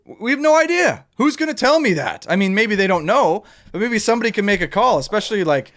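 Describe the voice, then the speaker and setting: A man's voice: sits high, fast talker. A man hosting a casual podcast chat, talking emphatically with many restarts. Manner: animated, emphatic, rambling with restarts.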